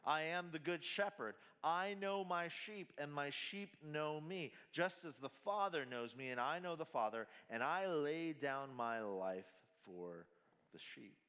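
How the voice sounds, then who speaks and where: Man, pastor, sermon, fairly high voice, slow and emphatic, casual slang, reverberant hall. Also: lively intonation, sharp tone. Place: large hall at a family camp.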